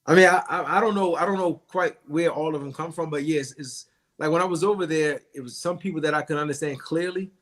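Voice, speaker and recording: A man, a boxing trainer guest in a casual interview, easygoing and halting, often repeating words. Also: a little high, a bit bright.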